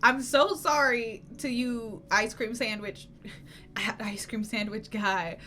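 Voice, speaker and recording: A woman's voice: fairly high pitch, steady tone, slow pace, bright, forceful tone. A young woman hosting a reaction video, telling a self-mocking story in casual talk and swearing freely. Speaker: reaction channel host.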